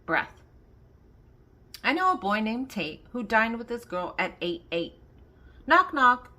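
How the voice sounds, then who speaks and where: An older woman reads aloud from a children's joke book in a fairly high, very animated voice that sounds pushed and bright, speaking slowly. She poses each riddle, then gives the answer, laughing along at the jokes.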